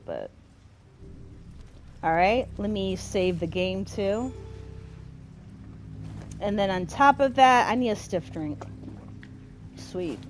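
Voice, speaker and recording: A woman's voice: medium pitch, slight background noise. A woman giving casual let's-play commentary as she plays, talking to herself and getting easily exasperated. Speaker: gameplay commentator.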